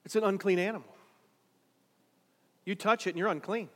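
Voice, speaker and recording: A man preaching a sermon in a dramatic way, swinging between quiet, drawn-out lines and loud, urgent ones. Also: sits high, fairly even intonation, long reverb tail. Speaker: pastor.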